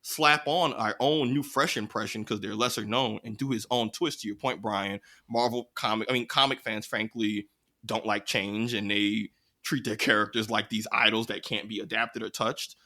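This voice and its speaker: A man co-hosting a podcast, talking in an animated, slangy way with quick riffs. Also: lowish voice. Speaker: podcast co-host. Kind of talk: casual chat.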